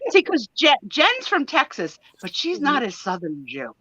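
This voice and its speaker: Bright, playful woman hosting a live chat. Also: high-pitched, wildly swooping pitch, moderate pace, dry recording, dull audio. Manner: playful, exclaiming, teasing. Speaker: host. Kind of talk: casual chat.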